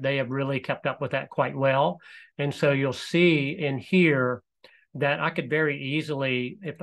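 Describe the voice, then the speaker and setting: A man presenting a live webinar, walking through software in a relaxed, explanatory way with frequent fillers. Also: medium pitch. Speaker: presenter demonstrating e-learning software.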